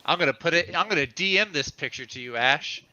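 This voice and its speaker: A man co-hosting a comic livestream, telling stories in an animated, exaggerating way. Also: on the high side, a little fast, lo-fi sound. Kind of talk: casual chat.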